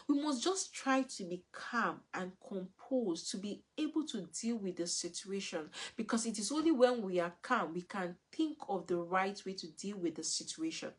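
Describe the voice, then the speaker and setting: A woman, giving an earnest, repetitive live talk as a parenting coach. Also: mid-range voice.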